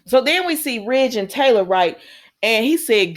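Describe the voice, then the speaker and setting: A woman's voice: on the high side, lively intonation, normal speed. A woman recapping a soap opera in casual chat, sassy and talking back to the characters.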